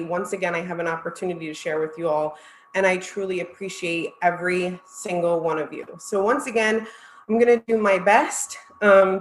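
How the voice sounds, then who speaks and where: A woman's voice: lowish voice, fairly bright tone, reverberant, slight background noise, poor audio. A woman presenting at a virtual conference, heartfelt and close to tears as she thanks her audience. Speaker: marketing executive presenter.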